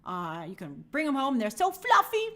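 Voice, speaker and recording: A woman's voice: high-pitched, wildly swooping pitch, moderate pace, sharp tone. A woman hosting a live stream, chatting casually and greeting viewers by name in an upbeat, friendly way.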